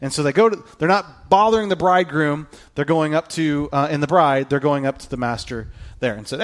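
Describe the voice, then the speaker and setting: A man preaching a sermon, telling the story in an animated way, with jokey asides and acted-out quotes. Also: fairly high pitch, brisk. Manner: acts out the quoted lines. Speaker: pastor.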